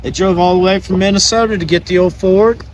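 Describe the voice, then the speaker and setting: A man's voice: sits high, steady tone, a little fast, a little hiss or hum. A man hosting a car restoration vlog, chatting casually and folksy while he works and hands out plain advice. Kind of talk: casual chat and work narration.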